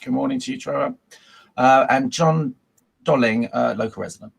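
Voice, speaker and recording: Husky man chairing a formal meeting. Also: mid-range voice, moderate pace. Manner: reads procedural script with frequent ums and uhs. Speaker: chairman of a council licensing meeting. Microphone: video call.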